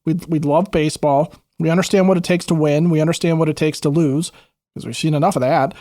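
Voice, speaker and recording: A Chicago man co-hosting a podcast argues his case by stacking up rhetorical questions. His voice sits a bit high and sounds close and dry. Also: steady tone, fast, dark tone, no room sound. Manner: rhetorical, building an argument with questions. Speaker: podcast co-host. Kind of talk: casual chat.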